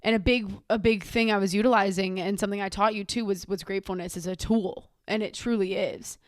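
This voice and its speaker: A woman's voice: mid-range voice, steady tone, fairly quick, no room sound, clean studio sound. A young woman hosting a podcast, talking candidly and emotionally in a rambling way, often repeating words as she opens up. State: tearful at times. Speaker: podcast host. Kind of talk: candid personal monologue. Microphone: own camera.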